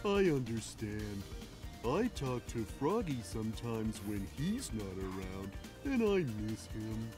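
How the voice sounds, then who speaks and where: A man voicing a big, slow, gentle male cat in a video game cutscene, soft-spoken and simple. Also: lowish voice, big pitch swings, over music. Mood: wistful.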